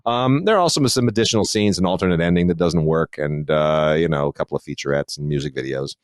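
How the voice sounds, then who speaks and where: A man's voice: extremely low pitch, fast, no room sound, studio quality. A man co-hosting a podcast about film releases, talking in a thoughtful, digressive way with many restarts and fillers. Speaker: podcast co-host reviewing home video releases. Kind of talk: casual podcast discussion.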